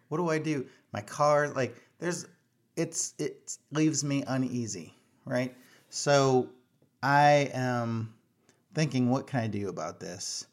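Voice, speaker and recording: A middle-aged man, talking casually to the camera in a voice of ordinary pitch. He tells a story in a chatty, self-mocking way, full of fillers and restarts. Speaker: vlogger.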